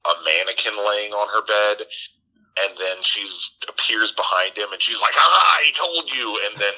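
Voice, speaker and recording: Deep-voiced guy with a really bright, cutting tone, rambling and swearing through a movie recap, keeps doing squeaky voices. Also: flat delivery, normal speed, low-quality recording. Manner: rambling, profane, jumps into squeaky character voices. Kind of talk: casual comic movie recap.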